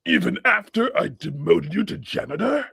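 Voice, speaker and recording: A man voicing a bossy, dramatic male shark boss in a web cartoon, with a husky, gravelly voice and a theatrical delivery. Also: fairly high pitch, lively intonation, normal speed, pushed and bright, dry recording, studio quality, exaggerated voice. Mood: gushing. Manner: theatrical, swings from stern to gushing.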